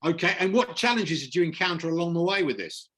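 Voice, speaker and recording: A man's voice: fairly high pitch, expressive, fast, a bit bright. A British man hosting an online poetry reading, jovial and teasing. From Britain. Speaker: host.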